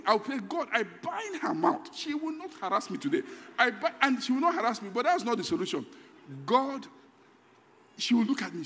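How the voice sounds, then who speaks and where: A Nigerian man in middle age preaching a sermon, his voice pitched very high and swinging widely up and down. He moves from soft asides to shouted emphasis, and a long reverb trails behind him in the church hall. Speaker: pastor.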